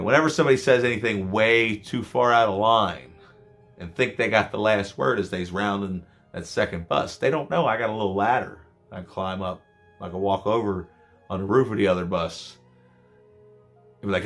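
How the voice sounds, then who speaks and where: A man's voice: fairly low pitch, fairly bright tone. A man vlogging, telling rambling, profane stories about his work as a scare actor. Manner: rambling, profane, self-mocking. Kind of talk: casual storytelling to camera.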